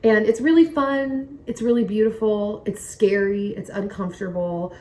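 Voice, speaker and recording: A young woman chatting casually to camera from home in a rambling, excitable way. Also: mid-range voice, normal speed. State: pregnant, recovering from nausea. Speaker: vlogger. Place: home, indoors by a window. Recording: somewhat distant mic, faint noise.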